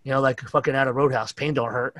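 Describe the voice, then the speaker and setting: A man's voice: medium pitch, fairly even intonation, fast talker, a bit bright, no room sound. A middle-aged man with a New York accent, telling rambling, profane stories as a podcast guest. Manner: profane, rambling anecdotes with acted-out quotes. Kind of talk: casual storytelling chat.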